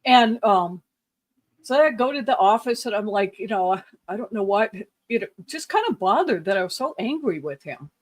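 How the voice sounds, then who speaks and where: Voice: mid-range voice, lively intonation, normal speed. Rambling, laughing podcast storyteller. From lived in the southwestern US. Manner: rambling anecdotes with frequent fillers and laughs. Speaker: podcast co-host. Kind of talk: casual storytelling chat.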